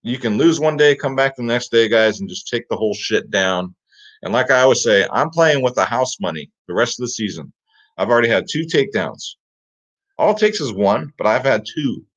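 Very animated and brisk, the man speaks in a bit-bright mid-range voice as he hosts a fantasy sports picks show. His hyped, casual rundown leans on "guys" and "get him in there," and the lo-fi recording is slightly dull.

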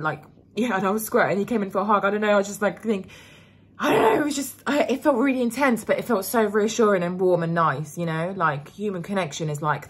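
A woman's voice: medium pitch, slightly rough. A young woman, rambling candidly in a casual vlog, full of fillers and swearing. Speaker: vlogger.

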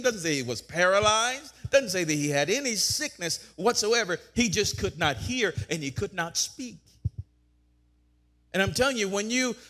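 A man preaching a sermon, fervent, repeating phrases and building to loud declarations. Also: high-pitched.

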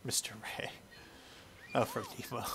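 A man hosting a casual let's-play, joking and excitable as he plays alongside a child. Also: normal speed, in a whisper. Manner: playful, excitable, jokey with a child. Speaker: gameplay host.

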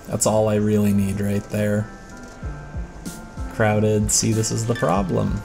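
A man's voice: on the low side, fairly even intonation, slow, gravelly, pauses often, soft background music. A man giving casual, rambling gameplay commentary as a let's play host, self-deprecating and chatting to the characters on screen.

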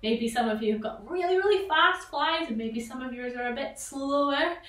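A woman with a bright, fairly high voice guides children through a vocal warm-up, cheering them on and bursting into loud playful noises. She sounds a little away from the mic, in an echoey room. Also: lively intonation, normal speed, far from the mic. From Scotland. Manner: encouraging, leads sound games with sudden loud exclamations. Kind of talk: online vocal warm-up lesson.

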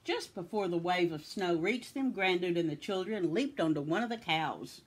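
Husky woman reading a picture book aloud. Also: fairly low pitch, normal speed. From Tennessee. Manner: expressive storytelling. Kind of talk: children's read-aloud.

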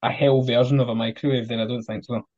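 A man's voice: mid-range voice, level tone, fast, a little mellow. Scottish man on a dull lo-fi mic. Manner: laid-back, short jokey answers. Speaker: podcast guest, wrestler. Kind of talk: casual chat.

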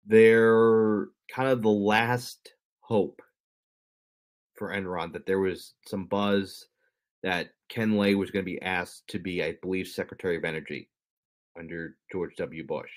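A man with a slightly low voice talks through a story on a podcast. He keeps it conversational and drops in jokey asides for his co-host. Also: level tone, unhurried.

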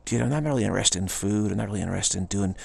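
A man's voice: lowish voice, very fast, gravelly, a little mellow, husky, no echo. A man giving an informal spiritual talk in a rambling, repetitive way, often slipping into quoted voices. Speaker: spiritual teacher.

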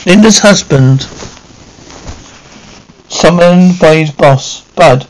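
Gravelly-voiced man reading a story. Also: on the high side, fairly even intonation, a little mellow, poor audio. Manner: hurried, stumbling delivery.

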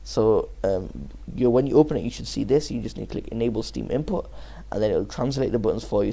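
A man's voice: lowish voice, gravelly, warm tone. A young man casually talking through a game tutorial and playing on camera, chatty and slangy. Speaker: gaming YouTuber. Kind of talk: tutorial and gameplay commentary. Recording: echoey room with background noise.

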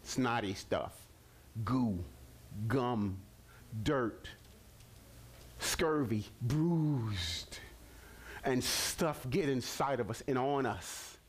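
A man preaching a sermon on a television ministry broadcast, animated and repetitive, with stammered restarts and sudden bursts. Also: mid-range voice, drawn-out words, long pauses, husky.

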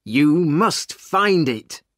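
Man putting on an angry demanding rich man, curt, slow words, storybook reading, dry recording. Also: medium pitch, fairly even intonation, a bit bright, smooth, no room sound. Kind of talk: storybook reading for English learners.

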